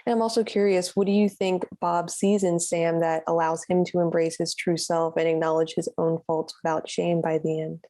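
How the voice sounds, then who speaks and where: Casting: mellow, lowish female interviewer, friendly questions. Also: level tone, moderate pace, few pauses. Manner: friendly, complimentary, a few fillers. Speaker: entertainment interviewer.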